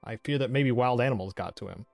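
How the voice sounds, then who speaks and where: A man's voice: medium pitch, fast talker, gravelly, soft background music, natural voice. A guarded tall tanner, voiced by a man who answers curtly and keeps to himself, heard in a game playthrough in a slightly raised voice. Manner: guarded, curt.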